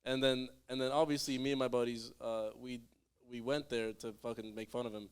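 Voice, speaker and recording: A man's voice: mid-range voice, fairly even intonation, fast talker, clear, resonant tone. A young man, a comedian on a panel show, telling a rambling, self-mocking story full of restarts.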